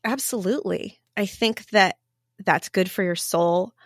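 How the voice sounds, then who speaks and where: A woman's voice: medium pitch, unhurried, no echo. Reflective woman guest, dry sound. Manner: reflective, heartfelt. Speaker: podcast guest. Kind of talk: podcast interview.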